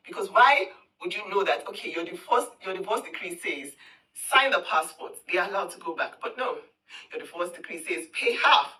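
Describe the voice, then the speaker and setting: A woman's voice: medium pitch, bright, forceful tone, recorded from a distance, low-quality recording. A woman ranting straight to camera in a scornful, confrontational, taunting way. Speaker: social media commentator. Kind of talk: heated direct-to-camera rant.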